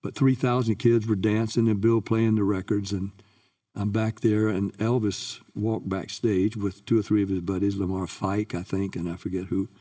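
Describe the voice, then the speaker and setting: Older male guest raconteur, lowish mellow voice, a bit off-mic. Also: moderate pace, recorded from a distance. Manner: lively recounting, acts out quoted voices. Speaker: guest singer. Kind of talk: anecdotal interview storytelling.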